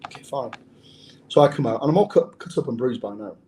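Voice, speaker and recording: Blunt English man with a mellow voice. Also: medium pitch, lively intonation, fairly quick, a little hiss or hum, poor audio. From England. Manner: blunt, profane storytelling. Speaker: former undercover police officer. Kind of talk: recounting a story in an interview.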